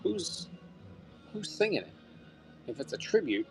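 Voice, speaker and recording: A man's voice: on the high side, big pitch swings, measured pace, faint music behind. A man hosting a live-stream auction, upbeat and thanking buyers by name, sometimes muttering to himself as he handles items.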